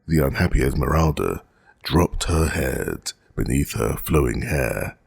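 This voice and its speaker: A man narrating a classic novel as an audiobook, in a measured, dramatic reading. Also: rumbling low, lively intonation, gravelly, husky, no room sound.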